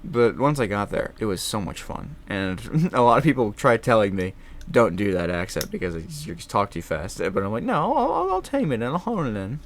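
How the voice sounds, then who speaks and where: A young man talking casually on his vlog, animated and swearing freely, laughing often. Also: fairly low pitch. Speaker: vlogger. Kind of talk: casual chat.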